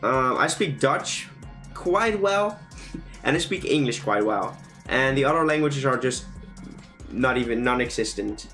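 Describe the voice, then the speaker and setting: A man's voice: mid-range voice, unhurried, bright, forceful tone. Playful young man streaming with music. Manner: playful, joking, reads chat aloud. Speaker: streamer drawing fan creatures live. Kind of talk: casual livestream chat while drawing.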